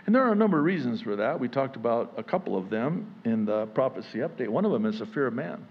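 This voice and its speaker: A man preaching a sermon in an animated way, acting out voices and joking about himself. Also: medium pitch, quick pace, slightly rough, highs cut off. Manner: animated, acts out voices, self-deprecating jokes. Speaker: pastor.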